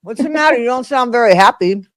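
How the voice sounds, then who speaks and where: Brief: mid-pitched livestream host, chatty and loose, greets viewers by name, dry close-mic sound. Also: expressive, fast, no room sound. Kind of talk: casual livestream chat.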